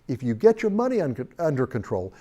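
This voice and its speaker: A man's voice: mid-range voice, big pitch swings, fairly quick, warm tone, highs cut off. A man giving a recorded sales training lecture, storytelling in an emphatic way.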